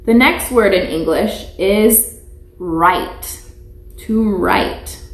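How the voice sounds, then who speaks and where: A woman's voice: mid-range voice, extremely slow. A woman teaching young children in a live online lesson, speaking patiently and repeating each word for them to echo. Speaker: preschool teacher. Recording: echoey room.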